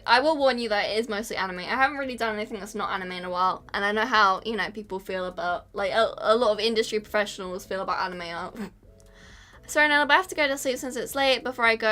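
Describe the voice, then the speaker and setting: A woman's voice: mid-range voice, fast, pushed and bright. A woman streaming as a VTuber, chatting casually, giggling often and getting emotional while she thanks viewers. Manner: giggly and emotional, reading chat and thanking donors. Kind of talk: casual live-stream chat.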